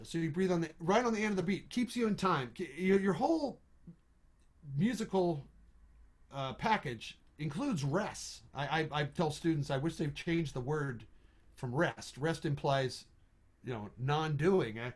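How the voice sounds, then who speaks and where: A middle-aged man teaches trombone over a video call in a relaxed, thinking-aloud way. His slightly high voice keeps breaking into sung "da da" rhythms between explanations. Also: normal speed. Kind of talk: online music lesson.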